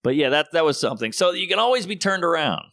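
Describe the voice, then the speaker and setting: A man, a comedian, talking in a casual podcast conversation and telling animated stories, acting out the voices of people he quotes. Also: a little high, quick pace, no room sound. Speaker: comedian guest.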